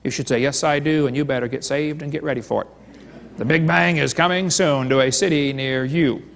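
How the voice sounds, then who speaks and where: Man, fairly high voice, seminar lecture, joking storyteller, long hall reverb. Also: fairly even intonation, brisk, creaky, a bit bright. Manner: joking storyteller, retelling dialogues. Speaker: creationist seminar speaker.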